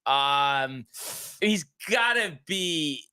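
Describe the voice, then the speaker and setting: A man's voice: a little high, expressive, extremely slow, sharp tone, smooth. A man co-hosting a podcast, telling a long story in casual chat, full of restarts and acted-out quotes. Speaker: podcast co-host.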